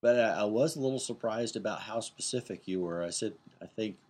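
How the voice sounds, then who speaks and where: A middle-aged man with a somewhat low voice tells a loose, rambling story in casual podcast style. He is animated and jumps into the voices of the people he quotes. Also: fairly quick. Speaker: podcast host.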